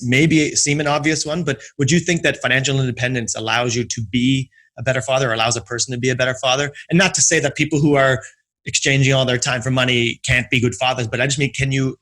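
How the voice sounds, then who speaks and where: A man's voice: medium pitch, a bit bright. A man hosting a podcast interview, thinking aloud through long questions with frequent restarts. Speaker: podcast host. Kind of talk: conversational interview.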